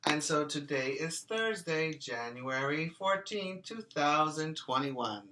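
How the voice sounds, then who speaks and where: Male preschool teacher, unhurried, bright, sing-song, call-and-response, virtual lesson. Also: a little high, expressive.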